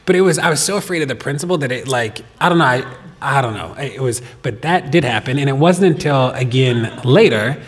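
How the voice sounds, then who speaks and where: Husky man telling a story in a hall. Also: mid-range voice, a little fast. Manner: animated, laughing anecdote with many fillers. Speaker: podcast guest. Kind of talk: storytelling in a live talk. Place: stage of a performance venue. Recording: long reverb of a hall.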